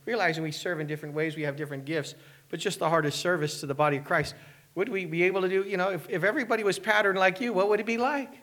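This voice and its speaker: Earnest preacher. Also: male voice, high voice, racing, a bit bright. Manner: rhetorical questions, earnest preaching. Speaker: pastor. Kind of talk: sermon.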